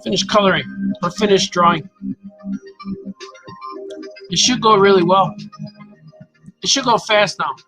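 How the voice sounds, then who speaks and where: Chatty cartoonist host, male, high and bright voice, playful, faint music underneath. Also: unhurried, long pauses, rough recording. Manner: chatty, playful, reads viewer comments aloud. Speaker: cartoonist livestreaming his drawing. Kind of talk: casual chat while drawing.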